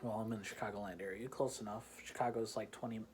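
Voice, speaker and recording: A man's voice: on the low side, steady tone, quick pace, darkish tone, slight background noise. A man hosting a casual beer-tasting chat from home. He rambles, pokes fun at himself and laughs often. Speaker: host. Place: home in the Chicagoland area.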